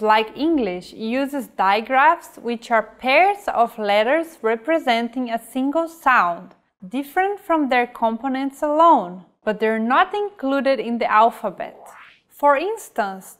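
A woman gives a scripted pronunciation lesson in an unhurried, deliberate way, with a voice that sits a little high. She says each example word on its own, slowly and clearly, as a teacher would. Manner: careful, measured teaching delivery with modeled example words. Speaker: language teacher.

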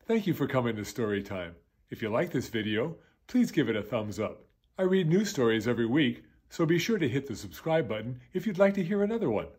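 A man in his fifties, a schoolteacher, reading a children's picture book aloud in a gentle, expressive storyteller's voice. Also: mid-range voice, a little fast, husky.

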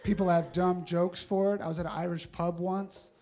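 A man's voice: sits high, little pitch movement, normal speed, noisy background. A man doing a live stand-up comedy set on a club stage, telling stories wryly and acting out the questions people ask him. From New York. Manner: wry, storytelling, acts out other people's questions.

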